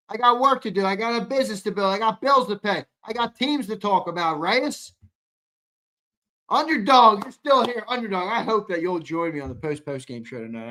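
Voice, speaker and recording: A tired young man hosting a live postgame sports stream, reading chat comments and ribbing viewers in a blunt, casual way. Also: sits high. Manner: blunt, ribbing chatters, swings from mumbling to loud outbursts. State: tired, yawning.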